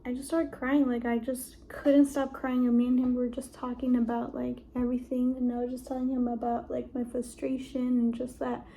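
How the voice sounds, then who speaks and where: A young woman vlogger telling a personal story to the camera in a halting, emotional way, filling her speech with "like". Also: high-pitched, little pitch movement, gravelly, mellow, a little hiss or hum. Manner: heavy use of "like", halting and emotional.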